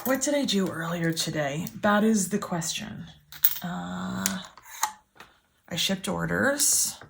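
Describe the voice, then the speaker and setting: A woman's voice: on the low side, expressive, slow pace. A woman hosting a casual sew-along, chatty and self-deprecating, grumbling as things go wrong. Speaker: sewing channel host. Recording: clear background machine noise. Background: sewing machine running.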